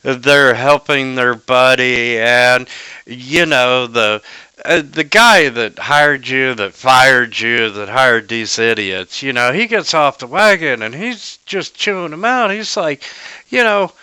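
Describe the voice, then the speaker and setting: A man's voice: medium pitch, takes it slowly, bright, forceful tone, smooth, dry recording, rough recording. A man narrating a tabletop game as game master, rambling with lots of fillers and restarts.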